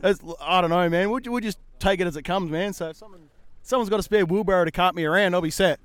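Laid-back man with a smooth, higher voice. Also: fast. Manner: laid-back, self-mocking. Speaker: shooting competitor. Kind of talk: casual interview answers.

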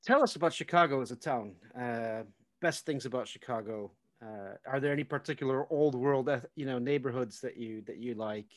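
Male host, casual interview, relaxed, mid-pitched voice, laughs easily. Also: fairly quick. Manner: relaxed, laughs easily, asks loose questions. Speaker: podcast host.

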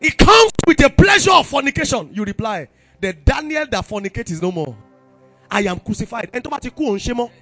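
A man with a Nigerian accent preaching a sermon to young people, impassioned and breaking into shouted exclamations. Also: very high voice, big pitch swings, quick pace, no room sound, soft background music. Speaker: youth preacher.

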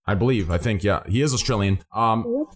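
A man hosting a charity livestream, introducing guests in an excitable, rambling way with lots of fillers. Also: lowish voice, fairly quick. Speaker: charity stream host. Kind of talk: casual chat.

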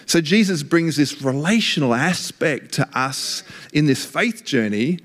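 A man's voice: a little high, lively intonation, measured pace, a bit bright. A man preaching an earnest, emphatic sermon in a conversational way.

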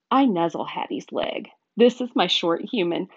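Woman reader, storybook narration, very lively pitch, dull dry recording. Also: moderate pace, few pauses, no echo. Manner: expressive, animated storytelling. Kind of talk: reading a children's chapter book aloud.

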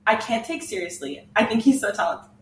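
A young woman co-hosting a casual podcast chat, talking quickly and laughing often. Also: medium pitch, sing-song. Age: young adult. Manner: chatty, laughs often, does mock voices of drivers. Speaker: podcast co-host. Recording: echoey room, mic far off, faint noise.

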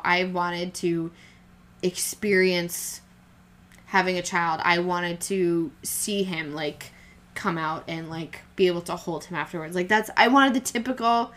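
A young woman with a lowish, slightly bright voice chats casually and candidly as a podcast co-host telling her birth story. She rambles, using fillers and restarting her sentences.

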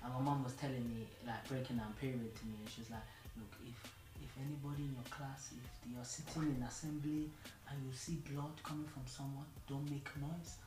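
A man's voice: mid-range voice, steady tone, a little fast. A man in a casual podcast chat, bantering in slang and laughing as he tells stories. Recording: roomy echo with a crowd behind.

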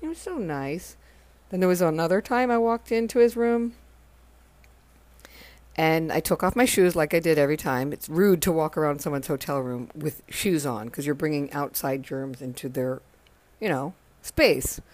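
A low-pitched woman with a darkish tone speaks at normal speed in a dry home recording. As a podcast host spinning a casual storytelling monologue, she's worn out, wanders off track, corrects herself, and voices the quotes dramatically.

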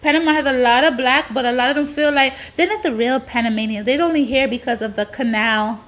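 A woman's voice: high-pitched, brisk, a bit bright. A woman delivering a blunt, profane ranting monologue, hammering points with repetition. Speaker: social media commentator.

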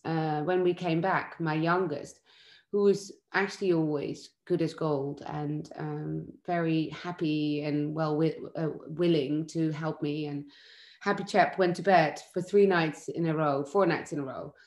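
A woman's voice: low-pitched, unhurried. A woman, a mother of young children, speaking as a guest in a candid personal conversation, heartfelt and often restarting her sentences. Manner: heartfelt, animated when quoting, many restarts. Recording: roomy echo.

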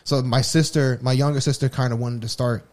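A man's voice: medium pitch, steady tone, a little fast, darkish tone. A man co-hosting a podcast, telling a personal story in a candid, rambling way full of restarts. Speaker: podcast co-host. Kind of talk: casual personal chat.

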